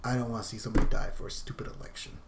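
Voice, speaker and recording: A vlogger in the middle of a rant, swearing freely and sounding fed up. The delivery lurches from loud outbursts to quiet muttering, with heavy sighs in between. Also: mid-range voice, little pitch movement, rapid-fire, slight background noise. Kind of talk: ranting vlog.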